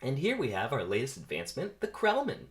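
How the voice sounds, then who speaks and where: A man voicing an upbeat female tour guide bee who talks in a cheery sales pitch. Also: wildly swooping pitch, fairly quick. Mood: chipper.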